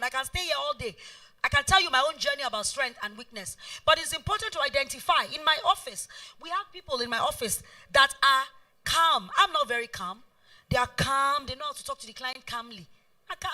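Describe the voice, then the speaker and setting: A woman's voice: sits high, very animated, a little fast, pushed and bright. A middle-aged woman with a Nigerian accent, an event planner giving a motivational talk, emphatic and fond of repeating key phrases. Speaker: event planner and guest speaker. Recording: voice heard from far off.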